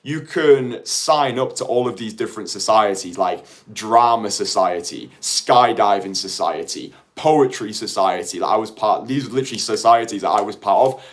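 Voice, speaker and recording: A man's voice: lowish voice, moderate pace. A man in his late twenties, a dating coach talking casually to viewers in a rambling way full of "like". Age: late 20s. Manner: chatty, rambling, heavy use of "like".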